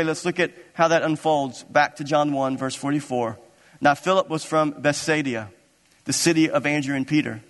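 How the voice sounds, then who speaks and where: A man pastor delivers an animated sermon, his voice sitting a little high. He acts out scripture scenes as he goes. A long reverb of a large church sanctuary hangs on every word.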